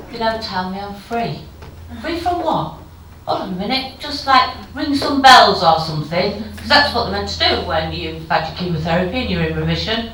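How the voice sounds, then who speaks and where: A woman in her fifties delivers a candid keynote speech, moving between wry jokes and emotion. Her voice sits in a middle pitch and is heard from a distance in a big, very echoey conference hall. A faint murmur of noise sits behind her. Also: expressive, normal speed, a bit bright. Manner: frank, emotional storytelling with wry humour. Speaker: keynote speaker. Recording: very echoey hall, far from the mic.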